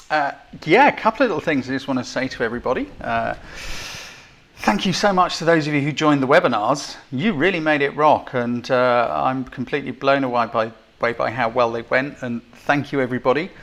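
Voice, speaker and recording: A man's voice: medium pitch, a bit bright. An English man hosting a live photography stream, chatty, self-deprecating and full of thanks to his viewers. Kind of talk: casual live-stream chat. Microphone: desk mic with levels being adjusted.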